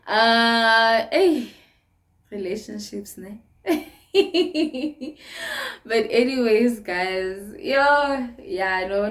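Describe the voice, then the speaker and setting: A young woman with a South African accent chatting casually to camera in a sit-down vlog, laughing often between phrases. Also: medium pitch. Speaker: vlogger.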